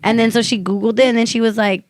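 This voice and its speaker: A woman's voice: on the high side, fairly even intonation, fast, dry recording, studio quality. A young woman co-hosting a podcast, chatty and reflective in casual talk. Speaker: podcast co-host. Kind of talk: casual chat.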